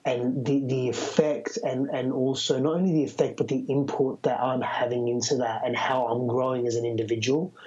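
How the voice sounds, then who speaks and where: A man's voice: medium pitch, level tone, moderate pace, few pauses, warm tone, breathy edge, muffled recording. A man with an Australian accent, talking as a podcast guest in an earnest, reflective way. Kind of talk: casual conversational interview.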